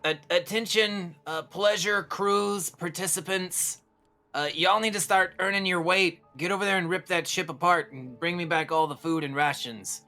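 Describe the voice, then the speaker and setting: A bossy ship captain barking orders over a little intercom, as a man running the game puts him on. The voice is pitched well up and sounds radioed and distant, with faint music behind it. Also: fairly even intonation, moderate pace, pushed and bright. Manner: gruff, ordering people about.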